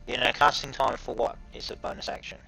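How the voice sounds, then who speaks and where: A man running an online tabletop game as game master, talking haltingly with many fillers. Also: pushed and bright, poor audio.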